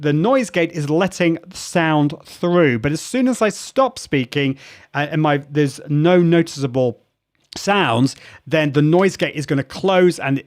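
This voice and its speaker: Chatty male live-stream host. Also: a little high. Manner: chatty, thinks aloud, reads viewer comments. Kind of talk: live-stream audio demo with chat.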